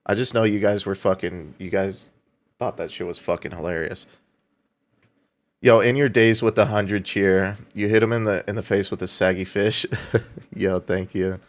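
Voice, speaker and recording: A man's voice: fairly low pitch, steady tone, moderate pace. A young man live-streaming in a casual chat, swearing freely, laughing often and reading out viewer donations.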